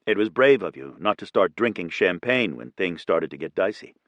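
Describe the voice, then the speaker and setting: A male narrator voicing an exhausted, kind businessman who teases gently. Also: low-pitched, lively intonation, moderate pace, no echo, lo-fi sound. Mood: tired, warm. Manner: gentle teasing.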